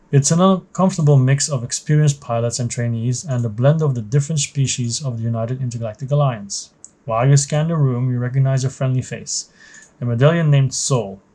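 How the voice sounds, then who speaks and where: Brief: male board game host, mid-pitched, mellow, reads rules and story aloud, explanatory. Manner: explanatory, thinking aloud with fillers and restarts.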